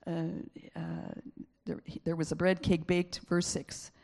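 A woman's voice: deep voice, flat delivery, unhurried, gravelly, a little mellow. A woman preacher giving a conversational sermon, acting out voices with laughing asides.

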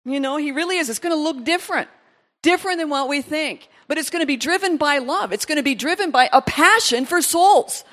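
A woman with a high voice preaches to her congregation. She tells stories in a lively way and acts out the people she quotes. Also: brisk. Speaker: pastor. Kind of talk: sermon.

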